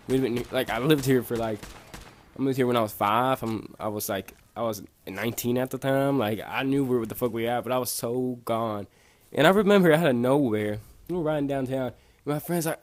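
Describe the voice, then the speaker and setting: A man's voice: mid-range voice, quick pace, a little hiss or hum. Laid-back young man rambling through a story. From Bosnia. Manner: laid-back, rambling, profane, lots of fillers. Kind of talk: casual story vlog.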